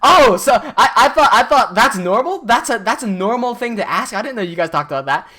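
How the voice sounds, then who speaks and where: A man's voice: extremely high pitch, expressive, brisk, sharp tone, pitched above the performer's own voice, heavily acted. A man voicing a flustered, stammering young female coworker in a story he tells. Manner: embarrassed, stammering.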